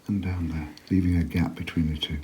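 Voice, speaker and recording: Male painting tutor, low and warm, chatty, murmurs while he works, faint hiss. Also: steady tone, fairly quick. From England. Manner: quiet, chatty, drops to a murmur while working. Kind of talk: relaxed painting demonstration.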